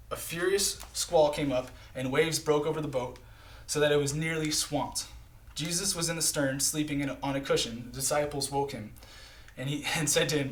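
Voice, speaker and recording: A man's voice: a little high, a bit bright. A man preaching a live-streamed sermon in an earnest, conversational way, often checking in with "right?" and "okay?".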